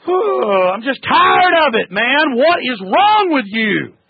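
A man hosting a talk radio show, ranting angrily and shouting insults at callers, with a gravelly, husky voice on a tinny broadcast. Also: very high-pitched, big pitch swings, unhurried, dry recording. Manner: angry, shouting tirades at callers.

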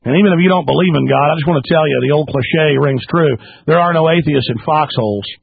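A man hosting talk radio in a furious, ranting monologue, his voice gravelly and husky and pitched a little high. He lurches up and down in pitch for emphasis. The sound is dry and narrow, as if heard through a phone line. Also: fast, no echo. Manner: angry, ranting, emphatic, with sudden pitch jumps and drops. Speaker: radio talk show host.

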